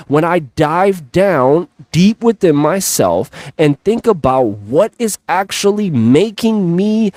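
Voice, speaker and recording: A man's voice: sits high, darkish tone, dry recording. A man giving an earnest, emphatic motivational talk, stretching out his phrases. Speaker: motivational speaker.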